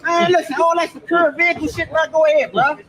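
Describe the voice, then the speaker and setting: A man's voice: very high-pitched, steady tone, fast talker, rough recording. A man being detained on the street, arguing and protesting with officers. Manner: pleading, then defiant and angry. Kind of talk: heated street confrontation. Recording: crowd noise from street footage.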